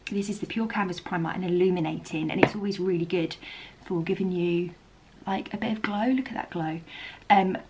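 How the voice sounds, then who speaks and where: A woman's voice: on the low side, darkish tone, a little hiss or hum. A woman talking casually to camera in a beauty vlog, chatty with plenty of ums. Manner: chatty, upbeat, lots of ums. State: tired, croaky, half-whispering. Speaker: vlogger.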